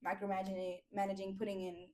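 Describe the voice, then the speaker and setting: A woman's voice: mid-range voice, monotone, quick pace, crowd noise. Blunt, profane woman with AAVE speech. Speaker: podcast host. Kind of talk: casual chat.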